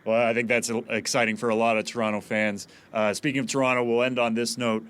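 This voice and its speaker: A man's voice: medium pitch, flat delivery, fast, fairly bright tone, clear, resonant tone. A man hosts a casual podcast interview with a mid-range voice. He asks his questions in a friendly, chatty way. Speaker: podcast host.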